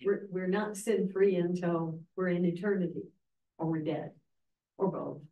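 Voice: medium pitch, measured pace, narrow, tinny audio. A class member speaking wryly and matter-of-factly, heard from across an echoey room. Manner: wry, matter-of-fact. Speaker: class participant. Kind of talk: comment in a church class. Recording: echoey room, mic far off.

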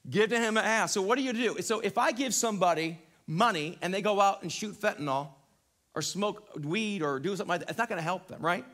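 Pastor, high voice, lively chatty sermon delivery, church service. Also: male voice, a little fast. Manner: animated, conversational, checks in with the crowd. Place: church sanctuary, live broadcast.

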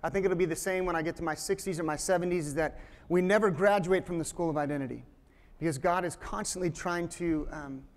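Joking man in his forties, high voice. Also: fast, in a large hall. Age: 40s. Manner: joking, storytelling, frequent restarts. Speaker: guest speaker. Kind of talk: sermon with humorous stories.

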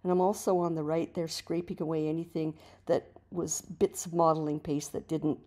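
A woman art teacher narrating a relaxed painting tutorial, chatty and encouraging as she explains each step. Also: low-pitched, moderate pace. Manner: chatty and encouraging, with frequent restarts.

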